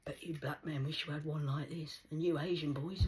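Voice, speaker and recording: A woman in her forties giving a rambling, mocking monologue, swinging between loud outbursts and hushed whispers. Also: deep voice, fairly even intonation, quick pace, few pauses, breathy edge, low-quality recording. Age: 40s. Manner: mocking, preachy tone.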